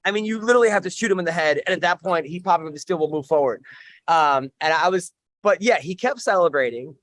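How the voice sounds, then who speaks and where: A man's voice: a little high, animated, quick pace, a bit bright, dry recording. A man co-hosting a casual sports podcast, chatty and rambling, laughing often. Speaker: podcast co-host.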